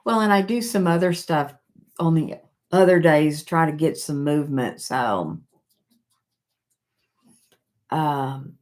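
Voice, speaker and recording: Slow-talking older woman chatting on a live stream. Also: low-pitched, darkish tone. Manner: halting and chatty, with many fillers and restarts. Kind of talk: casual live-stream chat, reading viewer comments aloud.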